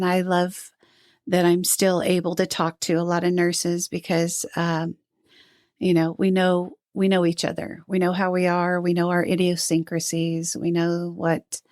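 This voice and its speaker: Speaking a little slowly in a low, darkish voice with a flat delivery, this retired nurse is a guest on a podcast interview. The older woman, once a NICU nurse and lactation counselor, earnestly relays work stories and imitates the mothers she quotes. Her audio is clean studio sound with no room echo.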